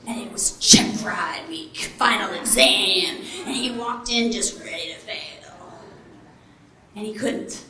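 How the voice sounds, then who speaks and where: This woman speaks in a high, bright voice and takes her time, letting lines land. She tells her story with playful, animated flair, acting out what others said and joking with the crowd. Her voice rings through an echoey hall over a faint room hum. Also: distant mic. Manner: animated, acts out quotes, jokes with the crowd. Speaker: motivational speaker. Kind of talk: keynote storytelling to a live audience.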